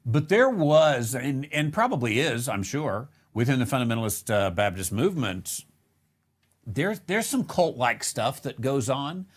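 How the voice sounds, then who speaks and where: A man's voice: medium pitch, sing-song, unhurried. A man hosting a casual live question-and-answer show, rambling with many fillers and restarts and chuckling now and then. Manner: chuckles between remarks. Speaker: host answering viewer questions.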